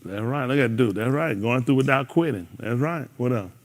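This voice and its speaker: A man's voice: mid-range voice, brisk. A man leading a congregation's Bible class, bantering and laughing with them between scripture readings. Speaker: teacher leading a Bible study. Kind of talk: casual joking Bible class.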